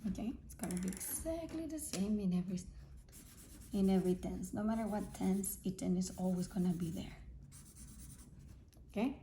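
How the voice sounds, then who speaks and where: A woman's voice: mid-range voice, background noise. A woman teaching English grammar, explaining patiently, repeating key points and checking in with her students. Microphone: self-filmed camera.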